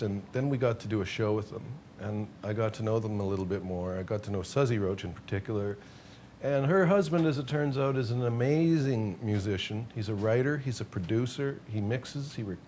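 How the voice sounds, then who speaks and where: A man's voice: medium pitch, darkish tone, slight background noise. A man being interviewed as a musician guest, chatting casually in a rambling, self-deprecating way and laughing often.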